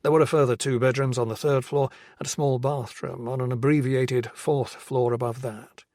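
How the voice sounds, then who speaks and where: A man narrating a crime novel audiobook in a measured, even storytelling voice. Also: mid-range voice, no room sound, studio quality. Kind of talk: scripted narration.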